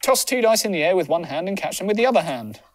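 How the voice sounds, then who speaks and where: Fast, teasing player. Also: male voice, high voice, sing-song, slight background noise. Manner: quick, teasing, reads chat and cards aloud. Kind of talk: playing a party game on a livestream.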